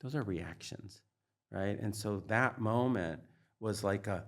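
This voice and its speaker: In a candid interview, a middle-aged man with a slightly low voice speaks slowly as a guest expert on trauma. Earnest and emphatic, he keeps returning to "like" and "you know" while explaining.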